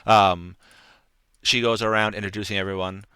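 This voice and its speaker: Low-voiced man narrating as game master. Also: normal speed, clean tone, dry recording. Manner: relaxed, rambling narration with many ums. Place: home setup on stream.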